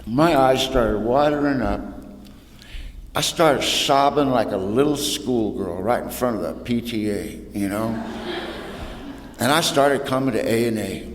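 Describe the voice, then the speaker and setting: A man's voice: mid-range voice, a little slow, a little hiss or hum. A man giving a humorous recovery talk to an audience, folksy and plainspoken, telling his story in colloquial speech. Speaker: recovery meeting speaker. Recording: roomy hall with long echo.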